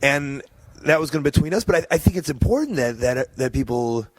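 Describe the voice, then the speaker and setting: A man's voice: mid-range voice, lively intonation, fast talker, no echo. A man hosting a casual podcast interview, talking bluntly and teasingly, swearing freely and rambling. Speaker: podcast host.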